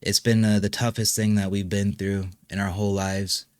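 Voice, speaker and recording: A young man with a lowish voice talks about his life in a personal interview. His speech halts often, full of fillers and restarts as he searches for words. The sound is close and dry, with no room echo. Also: level tone, darkish tone, smooth. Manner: halting, with many fillers and restarts. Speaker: musician and channel host being interviewed.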